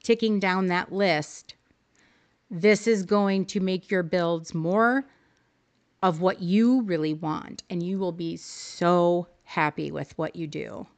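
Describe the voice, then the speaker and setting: A woman's voice: lowish voice, slow pace. A woman hosting a live stream, coaching her viewers through decorating choices in a friendly, upbeat way and answering chat as she goes. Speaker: livestream host teaching game decorating.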